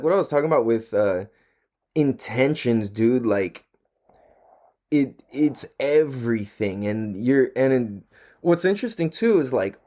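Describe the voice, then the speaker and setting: A man's voice: medium pitch, mellow. A man hosting a casual solo podcast, talking in a laid-back, slangy and profane way and laughing often. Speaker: podcast host.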